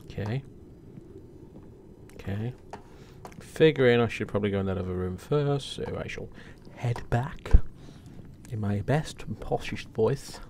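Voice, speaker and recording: In this let's play of a horror game, the gamer's lowish, slightly mellow voice moves a little slowly, broken by long pauses, with some hiss or hum in the background. He jokes sarcastically throughout, taunting the monsters and talking to them.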